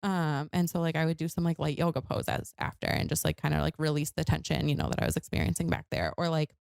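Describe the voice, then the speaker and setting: A woman's voice: sits low, expressive, fast, vocal fry, a little mellow, dry recording, studio quality. A young woman guest on a podcast, talking candidly and casually, with lots of filler words and some swearing. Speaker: guest author. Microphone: handheld microphone.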